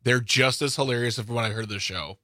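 A man's voice: medium pitch, fast talker, sharp tone, no echo, clean studio sound. A man co-hosting a radio show, bantering and joking with stammered restarts. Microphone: studio microphone.

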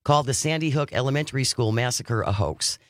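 Guy reading out news on a podcast and chiming in, middle pitch, dry close sound. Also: fairly quick, dry recording. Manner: reads news items aloud with occasional commentary. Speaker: podcast co-host.

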